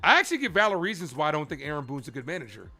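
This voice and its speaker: A man's voice: fairly high pitch, very animated, racing, creaky, bright, forceful tone, soft background music. A young man streaming live baseball play-by-play, heatedly arguing with viewers in chat and calling the ball-and-strike count between his points. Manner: heated and argumentative, pressing chat for answers; calls balls and strikes between rants.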